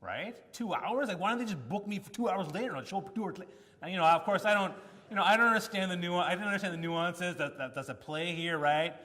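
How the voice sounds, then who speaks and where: A man speaks at a conference in a lively storytelling manner and acts out the lines of people in his anecdotes. His voice sits a little higher than most men's. The sound carries the long reverb of a large hall. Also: quick pace. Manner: animated storytelling with acted-out quotes. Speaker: keynote speaker. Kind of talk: conference talk.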